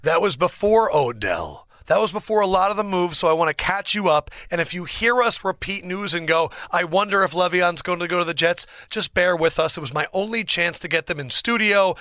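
A young man hosting a sports podcast as a lively solo monologue, theatrical and excitable, swinging between big outbursts and mock gloom. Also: sits high, brisk, hardly any pauses, no echo. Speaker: podcast host. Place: podcast studio.

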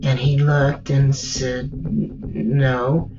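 A woman recounting her own ordeal in the first person, slow and measured, halting in places. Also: rumbling low, steady tone. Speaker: survivor telling her story. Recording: dull distant recording with faint music.

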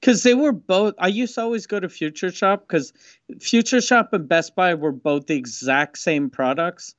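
A man's voice: sits high, normal speed, a bit bright, dry recording, lo-fi sound. A man chatting casually and telling a rambling, profane anecdote. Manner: rambling, profane, hesitant fillers. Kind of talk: casual chat.

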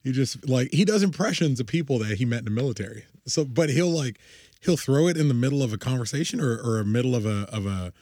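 Gravelly, fast-talking young man on a podcast. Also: mid-range voice, no echo, studio quality. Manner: rambling, excitable, laughs often. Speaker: podcast co-host. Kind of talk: casual podcast chat.

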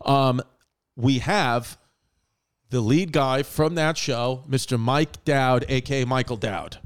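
A man's voice: medium pitch, slow. A man hosting a podcast in casual chat, cracking crude jokes and rambling through tangents in a small studio. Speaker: podcast host.

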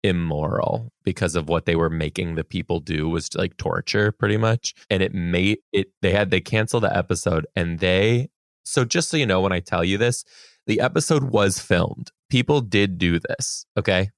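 A man with a very low, gravelly voice co-hosts a podcast in relaxed chat. He laughs often and reacts with disgust to what he hears. The recording is dry and close. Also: normal speed, no room sound. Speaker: podcast co-host. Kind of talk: casual chat.

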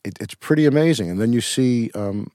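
A man's voice: medium pitch, a little fast, warm tone, dry recording, clean studio sound. A middle-aged man, an actor, telling rambling stories with restarts and casual swearing in an interview.

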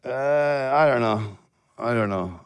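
A man's voice: medium pitch, slow, clear, resonant tone, no room sound. A man with a Glasgow accent, a guest actor telling blunt, sweary stories in a casual podcast chat. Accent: Scottish, Glasgow. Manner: swears a lot, blunt storytelling.

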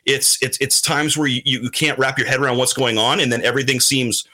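A man chatting casually on a podcast as a regular, animated and slipping into put-on voices when he quotes people. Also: mid-range voice, a little fast. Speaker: show regular, comic publisher.

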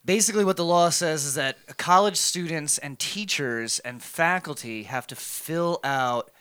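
Male podcast host, bright tone, rambling casual delivery. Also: on the high side, a little slow, clean tone. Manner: rambling, swearing, trailing restarts. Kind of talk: casual chat.

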